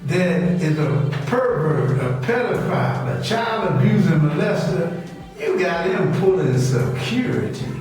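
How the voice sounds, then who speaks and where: A man's voice: high voice, darkish tone. A middle-aged man delivering a fiery, scolding sermon, repetitive and confrontational, in loose dialect speech. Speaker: preacher. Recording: very echoey room, distant from mic, faint music.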